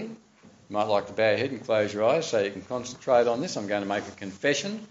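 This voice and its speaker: A man's voice: fairly low pitch, darkish tone. A man preaching a sermon and leading prayer, earnest and emphatic with wry asides. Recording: dull lo-fi recording.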